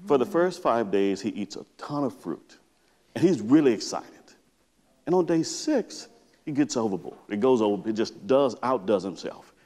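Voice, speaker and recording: A middle-aged man, a psychotherapist, giving a conference talk and telling a story by acting out how he reads to his daughter. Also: medium pitch. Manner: storytelling, lively, acts out reading to his daughter. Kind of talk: conference presentation. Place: large lecture hall with reverb. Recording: long hall reverb.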